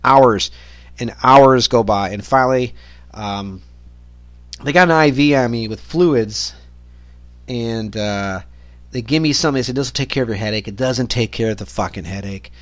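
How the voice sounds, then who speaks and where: A man's voice: medium pitch, measured pace, long pauses, no room sound. Profane, rambling man podcast host. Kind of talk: rambling solo monologue rant.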